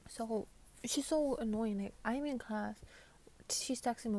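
A young New York vlogger with a fairly high, steady voice speaks unhurriedly in a casual Q&A chat. She rants profanely and gets loud when riled up.

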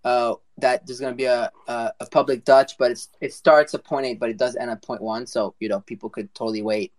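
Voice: medium pitch, fairly even intonation, a little fast. A host on a live audio show, upbeat and curious, asking guests questions. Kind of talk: casual chat.

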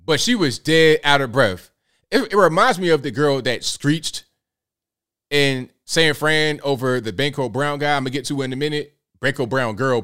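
The host of a live show watches clips and cracks slangy jokes, laughing often. His voice sits at medium pitch with a fairly bright tone.

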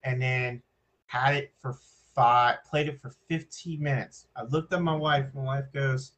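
A man's voice: medium pitch, steady tone, unhurried, a bit bright, dull audio. A man co-hosting a casual podcast, rambling loosely with lots of fillers and a sarcastic streak. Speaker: podcast co-host. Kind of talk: casual chat.

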